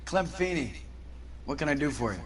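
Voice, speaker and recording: A man's voice: on the high side, expressive, moderate pace, lightly acted. An actor playing a wary, evasive male fruit-stand owner in a video game, answering in a defensive, guarded way. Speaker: game character.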